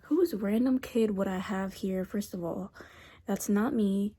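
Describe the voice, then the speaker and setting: A woman's voice: medium pitch, a little slow, warm tone, husky. A teenage girl chatting casually in a rambling storytime vlog, repeating herself as she goes. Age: teens. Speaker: vlogger. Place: bedroom at night.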